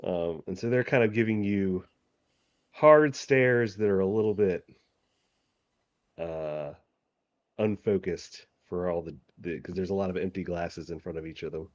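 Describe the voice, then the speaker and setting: Low-pitched male game master, halting narration, dry slightly dull sound. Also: no echo. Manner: hesitant, many ums and uhs.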